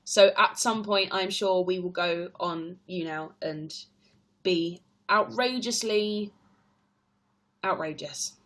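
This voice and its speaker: A woman's voice: lowish voice, fairly even intonation, measured pace, few pauses, a bit bright. A young woman with an English accent, chatting on a live stream, reading out viewers' questions and laughing often. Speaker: stage performer live-streaming to fans. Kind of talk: casual live-stream chat answering comments.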